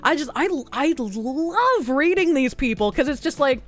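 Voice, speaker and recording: A woman streamer chatting casually and crudely, sarcastic and quick to laugh. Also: high-pitched, animated, faint music behind. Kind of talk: casual livestream chat.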